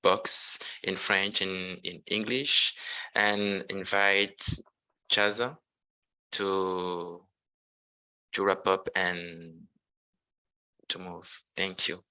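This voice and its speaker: Very slow, deep, forceful man. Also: little pitch movement, clean tone, low-quality recording.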